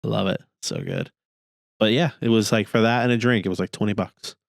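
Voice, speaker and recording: A man from New Jersey co-hosts a church podcast in easy, casual chat. His voice sits low, and he talks with a sarcastic, joking edge. The sound is dry and close to the mic. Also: brisk, vocal fry, no echo.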